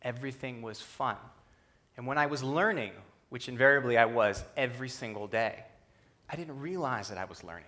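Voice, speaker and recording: A young man giving a talk on a stage, telling a personal story with humor and an animated delivery. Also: moderate pace. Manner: animated, humorous, acts out quotes in a lowered voice. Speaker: speaker at a youth conference talk. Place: stage before a live audience.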